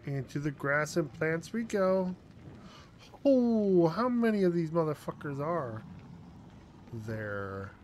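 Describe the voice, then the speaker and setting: A man commenting on his own horror game playthrough, exasperated and swearing often as he yells at the game. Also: on the high side, big pitch swings, slow, pauses often, noisy background. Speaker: gameplay commentator. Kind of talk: let's play commentary.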